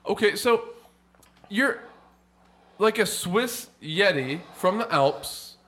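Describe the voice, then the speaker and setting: Man, comedy podcast co-host, flustered, stammering, bright and lively voice, faint noise behind. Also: sits high, slow. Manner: flustered, stammering, repeats words. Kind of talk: improvised comedy podcast bit.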